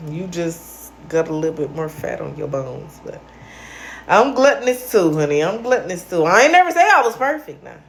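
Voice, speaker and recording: A woman's voice: on the low side, very animated, normal speed, slight background noise. A woman hosting a late-night livestream, ranting at viewers in a brash, profane and confrontational way while a little tipsy. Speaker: livestream host.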